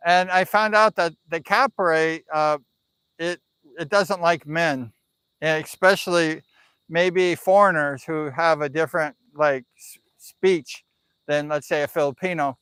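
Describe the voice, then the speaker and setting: A man's voice: fairly high pitch, steady tone, measured pace, fairly bright tone, smooth, no room sound. Rambling man telling a story live. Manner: rambling, heavy use of "like" and "you know". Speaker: live streamer and expat. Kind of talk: casual storytelling on a live stream.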